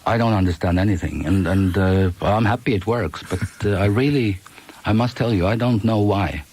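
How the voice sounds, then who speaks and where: A Swedish man in his fifties, a musician chatting in an interview in a relaxed, joking way with many restarts. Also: on the low side, moderate pace, slight background noise. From Sweden. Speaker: musician guest. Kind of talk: casual interview chat.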